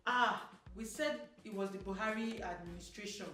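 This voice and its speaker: A Nigerian woman giving sassy, animated opinion commentary as a vlogger, slipping into Pidgin. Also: mid-range voice, moderate pace. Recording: roomy echo, mic at a distance, soft music.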